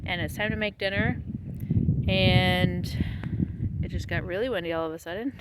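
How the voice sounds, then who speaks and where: A woman vlogging casually about her homestead, tired after planting, chatty and laughing often, her voice trailing off softly. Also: mid-range voice, slight background noise, rough recording. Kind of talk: casual vlog talk to camera. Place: outdoors on a small homestead.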